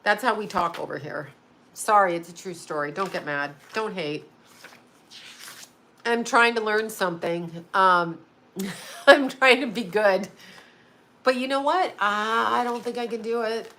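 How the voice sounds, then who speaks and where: Her voice is mid-range, measured in pace, and pushed and bright as this middle-aged woman hosts a relaxed live stream at home. Picked up by a home video call mic, she rambles chattily and frequently laughs.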